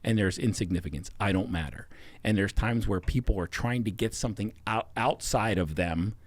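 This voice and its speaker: A man's voice: lowish voice, normal speed, no echo. A man speaking as a podcast guest, earnestly explaining his ideas step by step. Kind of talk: casual chat.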